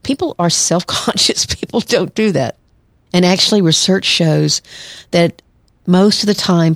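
A woman's voice: low-pitched, vocal fry, husky, no room sound, studio quality. A woman therapist hosting a solo podcast, talking conversationally and acting out quoted lines. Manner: conversational, acts out quoted lines, laughs lightly. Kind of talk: solo podcast advice talk.

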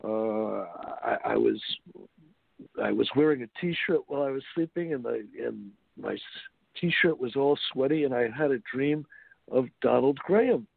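Gravelly-voiced author, halting. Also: male voice, medium pitch, no echo. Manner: halting, many fillers and restarts. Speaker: author guest. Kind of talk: interview. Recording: tinny phone-like line, dry.

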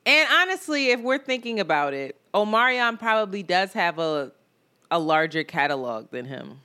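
A woman co-hosting a podcast in casual chat, animated and laughing, jumping from loud outbursts to low mutters. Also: normal speed, smooth. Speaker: podcast co-host.

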